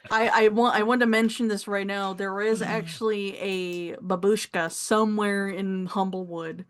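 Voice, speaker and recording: A woman narrating as game master and voicing characters, playful and quick to laugh and swear. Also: medium pitch, steady tone, clean tone.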